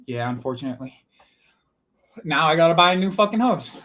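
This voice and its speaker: A man with a high voice runs a live football watch-along from a home desk mic. He swears freely, addresses his viewers as boys and bro, and reacts loudly to every play. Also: animated, fairly quick. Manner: swears a lot, shouts at the referee, calls viewers boys and bro.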